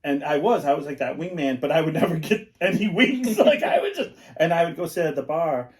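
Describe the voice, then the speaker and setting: A man's voice: fairly high pitch, animated, a little fast. A middle-aged man co-hosting a podcast, chatting casually and rambling through his stories with lots of fillers. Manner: rambling, filler-heavy storytelling. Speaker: podcast co-host. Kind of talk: casual chat.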